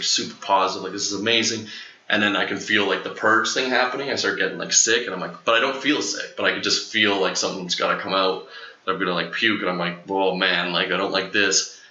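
A man's voice: sits low, pushed and bright. A young man telling a long personal story in casual chat, rambling with many fillers and acting out what people said. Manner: rambling, filler-heavy, acts out quotes. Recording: echoey lo-fi room.

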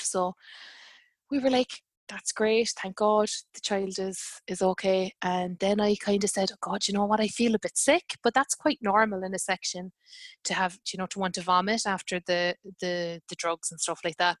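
A woman's voice: medium pitch, fairly even intonation, moderate pace, no echo. A woman in her thirties telling a personal story in casual conversation, with lots of fillers and quoted dialogue.

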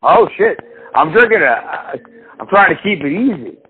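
A man's voice: a little high, sing-song, normal speed. A man hosting a podcast in casual chat, profane and rambling, slipping into exaggerated impressions of people. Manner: profane, rambling, mimics people in big voices. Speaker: podcast host. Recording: phone-like lo-fi call audio with faint noise.

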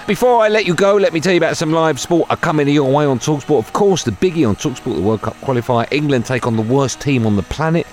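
A man's voice: on the high side, expressive, fast talker, hardly any pauses. A man hosting a sports radio podcast, teasing his co-host in jokey banter.

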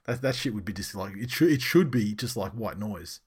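Man, low voice, chatty sports host. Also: expressive, fairly quick, breathy edge. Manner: loose and chatty, swears, reads out team news. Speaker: podcast host. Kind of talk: casual sports podcast chat.

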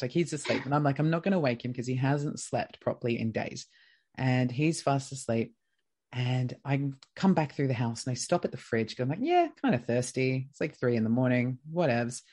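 Animated Australian woman telling a story. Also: rumbling low. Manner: lively, acts out quoted dialogue. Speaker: podcast guest. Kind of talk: casual storytelling.

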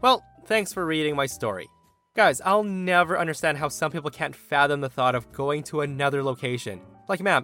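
A young man reading listener stories aloud with an animated delivery, acting out the quoted lines. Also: on the high side. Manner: animated, voices the quoted characters. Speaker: story reader.

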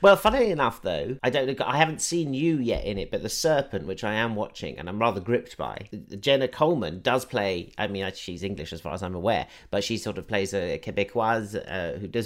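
A man's voice: lowish voice, animated, brisk, few pauses. A man hosting a radio show, asking questions in a chatty, rambling way with many restarts. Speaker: radio host. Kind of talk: casual interview chat.

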